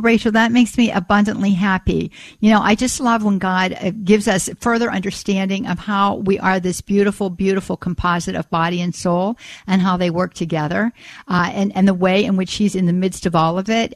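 A woman's voice: medium pitch, no echo. A woman hosting a call-in radio show, praying aloud in an earnest, repetitive way with frequent restarts. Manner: earnest, repeats "Father God", frequent restarts. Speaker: radio host. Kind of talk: spoken prayer and call-in radio chat.

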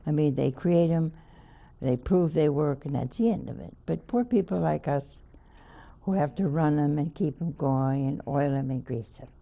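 A woman's voice: low-pitched, normal speed, vocal fry, dark tone. An older woman, a nun, preaching a sermon by telling a homely story with wry asides.

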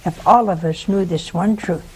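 A woman's voice: on the low side, moderate pace, darkish tone, husky. A woman preaching a sermon, telling a story in a conversational way and asking the audience rhetorical questions.

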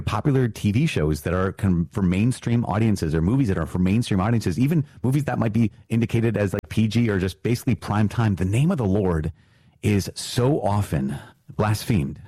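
A man's voice: fairly low pitch, mellow, breathy edge, no room sound. A man, a priest, teaching the faith in an earnest, casual way, often restarting and correcting himself before leading a prayer. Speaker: priest and podcast host. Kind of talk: conversational catechism teaching with prayer.

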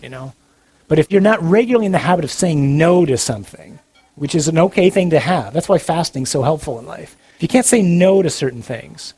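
A priest giving an earnest, direct sermon-style talk, animated and blunt with touches of humor. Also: male voice, a little high, slightly rough, rough recording.

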